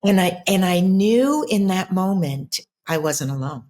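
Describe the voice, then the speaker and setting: A woman's voice: fairly low pitch, animated, unhurried, darkish tone. A middle-aged woman, a spiritual coach, telling a personal story in an interview in an earnest, reflective way with many restarts. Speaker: ancestral healer and spiritual coach.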